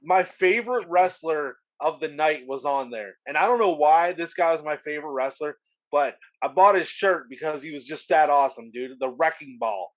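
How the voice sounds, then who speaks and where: A man's voice: a little high, moderate pace. A man as a podcast guest, telling a story in an easygoing way, full of fillers like "like" and "dude". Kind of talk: casual wrestling podcast chat.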